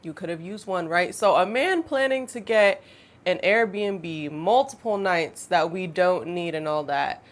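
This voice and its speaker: A woman, telling a storytime vlog in a chatty, animated way with laughing asides. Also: lowish voice, a little slow. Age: 20s. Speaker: storytime vlogger. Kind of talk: casual storytime monologue.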